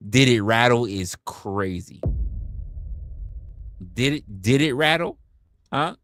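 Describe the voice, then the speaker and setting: A man's voice: medium pitch, animated, takes it slowly, fairly bright tone, a little hiss or hum. A man hosting a livestream, talking in a casual rant full of rhetorical questions, profanity and stammered restarts. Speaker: livestream host.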